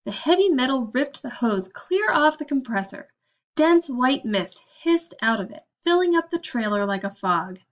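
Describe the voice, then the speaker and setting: A woman narrating a children's storybook with a steady, expressive reading. Her voice is fairly high. The recording comes through slightly muffled. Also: moderate pace. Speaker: audiobook narrator.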